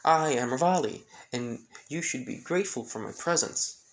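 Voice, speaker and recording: A man's voice: mid-range voice, lively intonation, normal speed, natural voice, rough recording. A man voicing a cocky, arrogant male bird warrior in a casual fan story reading, boastful and sneering.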